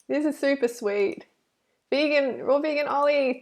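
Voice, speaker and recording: A woman reacting to a video and reading her live chat, animated and preachy, full of "like" and "you know". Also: high voice, unhurried. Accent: Australian. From Australia.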